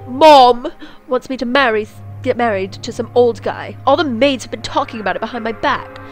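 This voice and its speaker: A woman voicing an upset fifteen-year-old princess who shouts and complains. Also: fairly high pitch, normal speed, faint music behind, natural voice. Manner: shouting, whiny. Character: upset teenage princess, moody and tearful.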